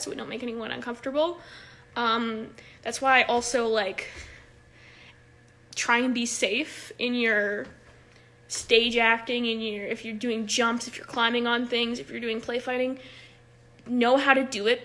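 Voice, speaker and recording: Bright, high-pitched young woman coach. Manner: chatty, laughs often, many "like" fillers. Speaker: improv coach. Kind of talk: casual livestream talk. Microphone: phone.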